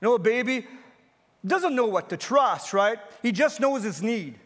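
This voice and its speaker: Male pastor in his fifties with a high voice, preaching earnestly in a church with long reverb. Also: expressive, normal speed, fairly bright tone. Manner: earnest, personal preaching with repeated phrases. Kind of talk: sermon.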